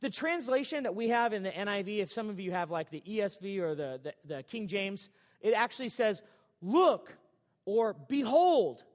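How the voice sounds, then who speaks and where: A man's voice: high-pitched, animated, brisk, long reverb tail. A male pastor preaching a sermon in a church sanctuary, in a casual, joking, conversational way.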